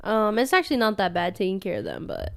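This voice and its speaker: A young woman co-hosting a podcast in casual chat, chatty and upbeat, quick to laugh. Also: medium pitch, lively intonation, fairly bright tone, dry recording. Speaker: podcast co-host.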